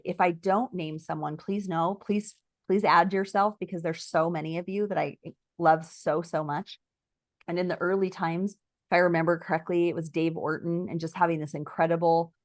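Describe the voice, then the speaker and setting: A woman telling her personal story as an interview guest, earnest and reflective, often using "like" and sometimes slowing to a soft, near-whispered pace. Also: sits low, no room sound. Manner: earnest and reflective, with many "like" fillers.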